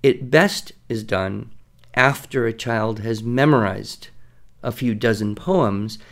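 A man co-hosting a podcast, explaining poetic meter in a relaxed teaching manner, chanting rhythms and reciting verse slowly. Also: medium pitch, creaky. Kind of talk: relaxed educational conversation.

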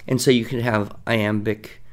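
A man co-hosting a podcast, explaining things patiently and reciting verse slowly in rhythm. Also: lowish voice, fairly even intonation. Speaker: podcast co-host teaching writing. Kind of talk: conversational teaching.

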